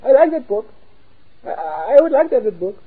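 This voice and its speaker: A man's voice: very high voice, big pitch swings, moderate pace, slightly rough, pitched above the performer's own voice, heavily acted. A man voicing a timid male soul, speaking in a small, pleading way. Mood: longing. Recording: tinny, distant phone-like sound.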